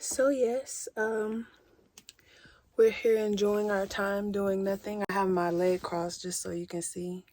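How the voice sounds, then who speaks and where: Laid-back woman vlogging slowly from her van. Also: medium pitch, flat delivery, darkish tone, a little hiss or hum. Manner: playful, self-mocking, rambling. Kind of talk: casual vlog chat. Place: inside her parked van.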